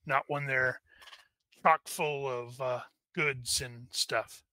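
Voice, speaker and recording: A man running a tabletop game as game master, talking in halting bursts with many restarts. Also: medium pitch, fairly even intonation, bright, forceful tone.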